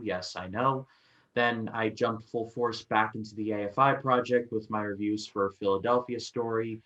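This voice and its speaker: A man's voice: lowish voice, a bit bright, dull audio. A man co-hosting a film review podcast, chatting casually and stumbling through restarts as he retells scenes.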